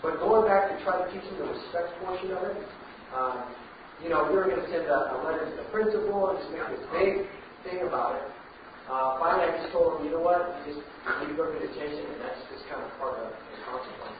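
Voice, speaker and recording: A father asking a hesitant question about his son, pausing with many fillers. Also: on the high side, dull audio, noisy background. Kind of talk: audience question. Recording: distant roomy audience mic.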